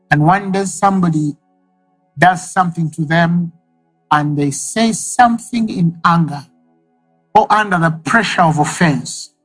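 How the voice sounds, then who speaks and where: Emphatic male preacher, husky voice. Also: a little high, low-quality recording. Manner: emphatic, repeats key phrases for effect. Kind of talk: sermon.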